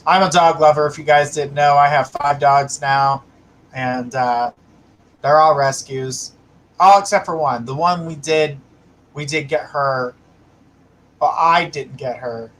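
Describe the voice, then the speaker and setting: A man's voice: fairly high pitch, a little slow, fairly bright tone, rough recording. A man hosting a live psychic reading stream, chatting casually, laughing often and reading viewer comments aloud. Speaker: psychic livestream host.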